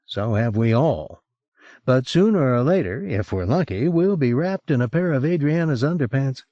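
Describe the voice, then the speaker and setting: A man's voice: mid-range voice, expressive, normal speed, mellow, dry recording, pitched above the performer's own voice, natural voice. A man voicing a crude, mocking male crew member in an audiobook. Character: loose-talking male photographer's assistant, crude and mocking. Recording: dull lo-fi cassette recording.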